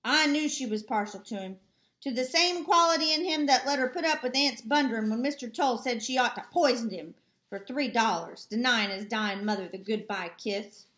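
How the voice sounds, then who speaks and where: A woman casually reading a novel aloud at home, steady with small slips and asides. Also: on the high side, normal speed, echoey room. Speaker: audiobook reader. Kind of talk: casual amateur audiobook reading. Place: home with family nearby.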